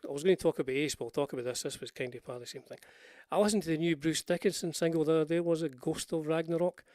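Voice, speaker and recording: A man's voice: on the high side, fairly even intonation, racing, darkish tone, no echo, studio quality. An older Scottish man hosting a casual livestream, chatting in a meandering way with frequent restarts and asides. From Scotland. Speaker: livestream host. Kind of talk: rambling casual livestream chat.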